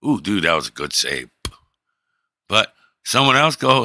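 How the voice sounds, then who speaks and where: A middle-aged man streaming, telling a story in a profane, animated way and acting out the people in it. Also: sits low, normal speed, no echo, clean studio sound. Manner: profane, animated, acts out the people in his stories. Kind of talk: casual storytelling.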